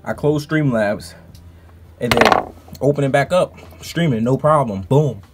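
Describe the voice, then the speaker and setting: A man who streams, telling a story in a casual, animated and profane vlog rant. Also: medium pitch, a little slow, very noisy.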